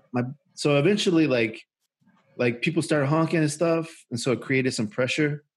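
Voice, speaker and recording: Husky man telling a rambling story. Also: medium pitch. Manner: rambling, profane, many fillers and restarts. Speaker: podcast co-host. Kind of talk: casual storytelling.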